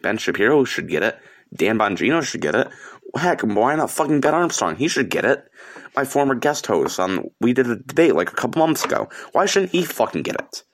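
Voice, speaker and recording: A man's voice: medium pitch, sing-song, fairly quick. A teenage boy from upstate New York hosting a solo podcast, delivering an angry, profane, rambling rant. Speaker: podcast host.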